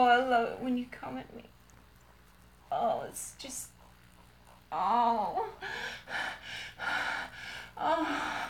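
Breathy high-voiced woman, slow and roomy. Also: big pitch swings. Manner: breathy, moaning, drifting into whispers. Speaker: erotic audio performer. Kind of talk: erotic audio monologue. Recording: echoey room.

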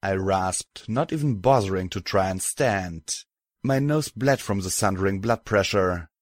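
A man narrating a storybook in a steady, measured way. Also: sits low, no echo. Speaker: audiobook narrator. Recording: dry close mic, faint music.

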